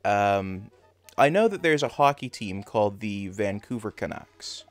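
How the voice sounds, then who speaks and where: A man's voice: on the low side, lively intonation, measured pace, soft background music. A man from Canada chatting casually while streaming a game, rambling and joking with frequent laughs. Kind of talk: casual chat while gaming.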